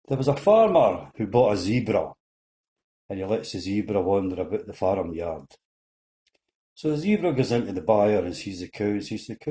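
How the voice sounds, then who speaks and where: A man's voice: on the low side, animated, normal speed, mellow. An older man with a Scottish accent telling a string of folksy jokes while seated, slipping into little voices for the characters.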